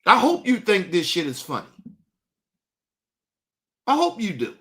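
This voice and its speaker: A man's voice: high voice, wildly swooping pitch, measured pace, sharp tone. A man hosting a livestream, ranting combatively and profanely while talking straight to his chat. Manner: combative, profane, mocking, addresses chat directly. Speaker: livestream host. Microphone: streaming setup mic.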